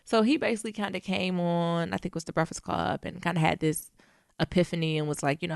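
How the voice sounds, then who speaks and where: A woman with a low, gravelly voice and a Midwest Southern twang, speaking with blunt, animated energy. She co-hosts a casual podcast and talks freely, with slang and frequent laughter. The sound is dry and close to the mic. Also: quick pace, no room sound. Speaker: podcast co-host. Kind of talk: casual conversational podcast chat.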